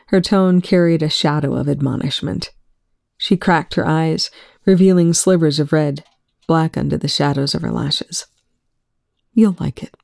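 A woman reads fiction aloud, slow and soft-spoken. Her low voice has a gravelly fry and a dark, mellow tone. The sound is close and dry. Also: no room sound. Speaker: fan fiction reader. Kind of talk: reading fiction aloud, then casual commentary.

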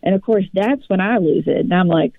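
A woman co-hosting a podcast, telling a personal story in an animated, rambling way with many restarts. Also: on the low side, a little fast, vocal fry, no echo. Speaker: podcast co-host. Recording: dry, phone-like line.

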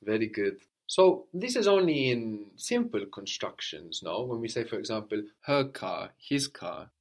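Patient male language teacher. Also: fairly low pitch. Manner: patient, explains then models phrases for the student to repeat. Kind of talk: conversational language lesson.

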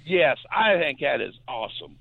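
A man calling in to a radio show, talking loudly in an animated, singsong way. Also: medium pitch, moderate pace, gravelly, breathy edge, no room sound. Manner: loud, animated, singsong delivery. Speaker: caller. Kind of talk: call-in radio chat. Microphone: phone. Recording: tinny phone line.

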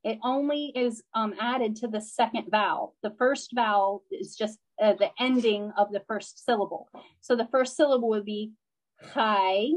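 A woman's voice: a little high, normal speed, low-quality recording. A woman teacher patiently explaining pronunciation in a live online class, using lots of fillers and frequent check-ins with her students. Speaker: language teacher.

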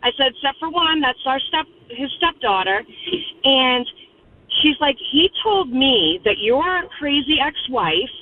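A woman's voice: high-pitched, very animated, a little slow, a little hiss or hum. Blunt woman caller on a tinny phone line. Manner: blunt, emphatic storytelling. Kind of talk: phone-in storytelling.

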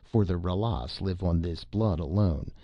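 Storybook alien read by a man: tall, eager green man, stilted earnest speech, low pitch, dull dry sound. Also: a little slow, no room sound.

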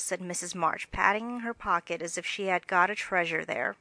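Bright-voiced woman reading a novel. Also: on the low side, vocal fry, no echo, poor audio. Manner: expressive, measured storytelling. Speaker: audiobook reader. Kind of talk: audiobook narration.

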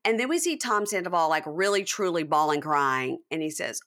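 A woman's voice: brisk, few pauses. A woman podcast host in casual chat, animatedly recapping a reality show and acting out the cast's lines. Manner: animated, acts out cast quotes in high voices.

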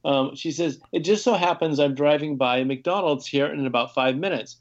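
An American ultrarunner guests on a podcast, telling his stories in a rambling, casual conversation full of restarts. His voice is fairly high and at normal speed, and the sound is lo-fi.

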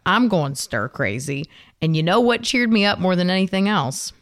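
A woman's voice: fairly low pitch, animated, moderate pace, dry recording. A woman co-hosting a radio show from home, talking in an upbeat, teasing way. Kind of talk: casual radio banter.

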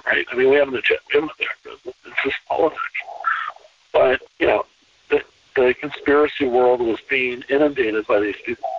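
A man talking as a podcast guest in a relaxed conversational interview, emphatic and repeating phrases to drive points home. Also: mid-range voice, fairly quick, breathy edge, dry recording. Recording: distant, tinny phone-line sound.

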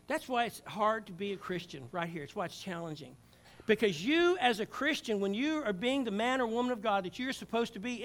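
A pastor, older, preaching a Sunday sermon that swings from loud calls to hushed, low passages. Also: male voice.

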